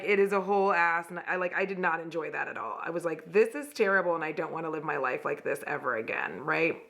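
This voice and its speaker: A woman's voice: medium pitch, fairly bright tone. A young woman from Texas chatting candidly and profanely at home while doing her makeup, rambling through a personal story. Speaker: beauty vlogger.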